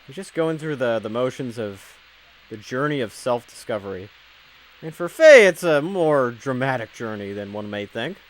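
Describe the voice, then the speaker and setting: A man giving casual, jokey commentary over a video game he is playing, talking freely and breaking into loud excited outbursts. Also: medium pitch, normal speed. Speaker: let's play commentator.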